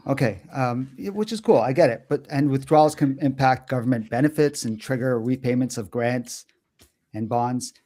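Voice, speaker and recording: A man in his forties, a guest co-host, talking in a hesitant, halting way in a casual conversation. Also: mid-range voice, dark tone. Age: 40s. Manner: hesitant, lots of fillers and restarts.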